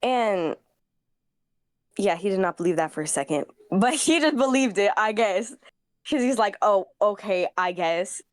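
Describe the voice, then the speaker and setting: A woman caller telling a petty story about her exes to a streamer in an animated, casual way. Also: mid-range voice, moderate pace, long pauses, no room sound, clean studio sound. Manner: animated, petty, acts out quotes. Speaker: caller asking for advice.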